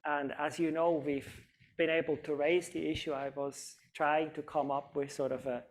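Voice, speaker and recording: Man, panel moderator, slightly high voice, hesitant, lots of fillers. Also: flat delivery, moderate pace.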